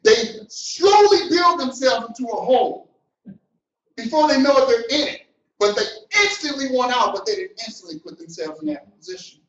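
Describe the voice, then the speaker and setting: A middle-aged man giving a motivational business talk, animated and preacher-like, swinging between loud and soft. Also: very high voice, normal speed. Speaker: business coach. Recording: roomy, distant, dull sound.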